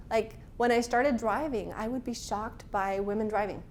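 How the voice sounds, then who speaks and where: A woman's voice: fairly high pitch, expressive, moderate pace, hardly any pauses, a little hiss or hum. A woman instructor leading a class, talking frankly and casually, with personal stories. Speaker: workshop instructor.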